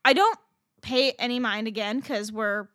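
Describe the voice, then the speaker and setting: A woman co-hosting a podcast, telling a story in casual chat, animated and swearing freely with lots of fillers. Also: a little high, moderate pace, no echo, clean studio sound. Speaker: podcast co-host.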